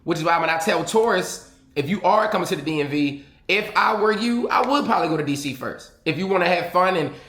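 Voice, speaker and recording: A man's voice: high voice, expressive, a little fast, fairly bright tone. A man with a Baltimore accent giving laid-back, matter-of-fact advice in casual chat. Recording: echoey room sound.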